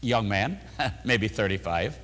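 An older man preaching and answering questions, telling stories with lively, animated delivery. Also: slow pace, in a large hall. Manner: animated storytelling, voices quotes with rising pitch. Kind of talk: sermon.

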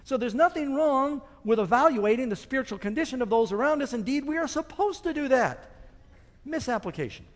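A man preaches a sermon in a very high voice, fairly quick, with lively intonation and a long hall reverb. His delivery is emphatic, rising and falling as he quotes scripture and asks the congregation questions.

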